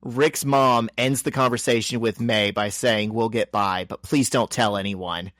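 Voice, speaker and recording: On a dry recording, a man with a lowish, fairly bright voice and fairly even intonation co-hosts a podcast. He recaps a comic book in a casual, wry, joking way, briefly putting on quick voices for the characters.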